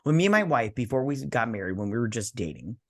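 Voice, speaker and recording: A tipsy man co-hosting a casual movie review, rambling and animated as he tells stories. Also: medium pitch, quick pace. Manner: rambling, animated storyteller with many restarts. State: tipsy from drinking. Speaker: podcast co-host.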